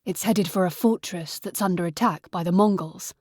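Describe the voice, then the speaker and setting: A woman reading an audiobook voices a tall, steady young man who speaks calmly and matter-of-factly. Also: lowish voice, normal speed, dry recording, studio quality, natural voice.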